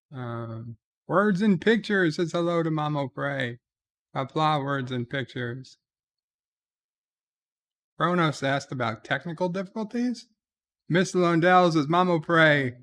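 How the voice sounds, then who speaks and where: A man's voice: fairly high pitch, a bit bright. A man hosting a casual livestream, reading viewer comments aloud and answering them wryly, with lots of "uh" between lines. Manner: reads comments aloud and replies wryly, with many "uh"s. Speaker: livestream host reading chat.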